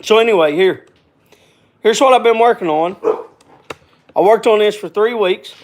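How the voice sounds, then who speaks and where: A man's voice: high voice, normal speed, a little hiss or hum. A man hosting a live stream in casual chat, rambling, folksy and repetitive, sometimes working himself up. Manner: gets worked up then calms.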